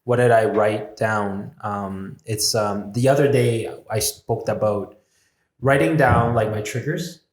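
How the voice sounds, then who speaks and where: Candid low-voiced man in a roomy space. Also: steady tone, takes it slowly. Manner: reflective and candid, swearing freely, acting out his own inner voices. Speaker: podcast guest. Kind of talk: candid conversational storytelling. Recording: roomy echo.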